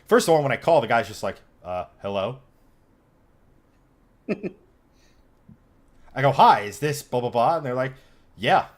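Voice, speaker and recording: A man on a relaxed car podcast, mid-pitched and loose, recounting a frustrating errand. He curses freely and slips into voices for the people he quotes, with plenty of filler and restarts. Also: takes it slowly, pauses often. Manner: animated, swearing, acts out quoted people. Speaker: podcast host. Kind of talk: casual storytelling chat.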